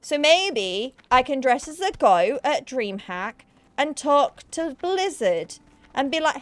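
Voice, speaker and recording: A woman's voice: sits high, sing-song, a little slow. A young woman chatting casually on a live gaming stream, bubbly and self-mocking.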